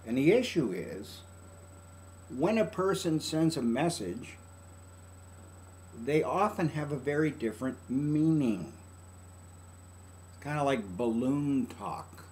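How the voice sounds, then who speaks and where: Older male counselor, folksy advice talk, mid-pitched, slight room hiss. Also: sing-song, takes it slowly, long pauses, a little mellow. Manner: folksy, conversational, acts out quoted lines. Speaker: family counselor.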